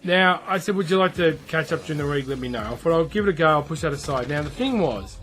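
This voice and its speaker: An Australian man chats casually about his life while gameplay runs, his voice sitting a little high. He rambles and pokes fun at himself. Faint game music plays underneath. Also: animated, fast, fairly bright tone. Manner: chatty, rambling, self-deprecating. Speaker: gaming YouTuber. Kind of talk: casual storytelling over gameplay.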